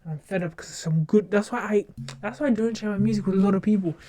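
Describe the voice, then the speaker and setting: Young woman, casual stream chat, mellow tone, rambling with restarts. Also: mid-range voice, fast talker. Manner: rambling, self-interrupting with many restarts.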